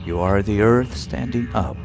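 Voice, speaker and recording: A man giving a solemn spiritual talk, with deliberate phrasing and long pauses. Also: lowish voice, gravelly, over music. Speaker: spiritual teacher.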